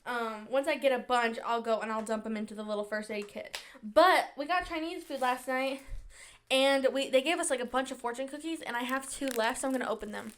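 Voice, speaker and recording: A young woman hosting a podcast in casual chat, talking fast and bubbly with lots of "like", a little sniffly. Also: fairly high pitch, fairly bright tone. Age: young adult. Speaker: podcast host.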